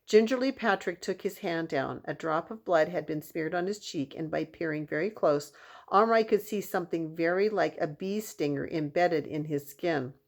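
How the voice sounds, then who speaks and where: Expressive children's book reader, woman, lower-pitched voice. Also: normal speed, creaky. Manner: expressive storytelling. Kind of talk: reading a children's novel aloud.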